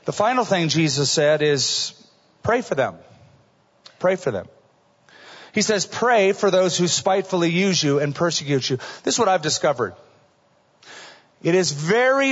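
A middle-aged male pastor preaching a sermon in an earnest, conversational way, often dropping to a soft voice for asides. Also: fairly high pitch, slightly rough. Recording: dull recording in a large reverberant hall.

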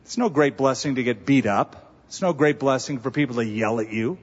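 A man's voice: medium pitch, a little fast, slightly rough. A man preaching a sermon as pastor, conversational with humor and emphatic stresses. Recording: dull reverberant sanctuary recording.

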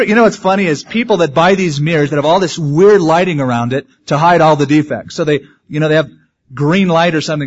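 Man preaching, slightly high, lo-fi. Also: a little fast. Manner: conversational preaching with humorous asides. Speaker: pastor. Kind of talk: sermon. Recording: dull lo-fi sermon recording.

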